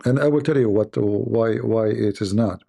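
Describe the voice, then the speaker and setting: A man's voice: on the low side, moderate pace, vocal fry, dark tone. A man giving sarcastic reaction commentary in non-native English, with rambling asides.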